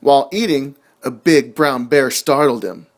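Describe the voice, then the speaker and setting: A young man narrating a children's story in a gentle, measured reading voice. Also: medium pitch.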